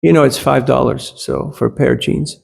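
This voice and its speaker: A man's voice: mid-range voice, fairly even intonation, fairly quick, creaky, husky. A man giving a scripture class, telling anecdotes in a conversational way and often checking in with his listeners. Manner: switches briefly into German.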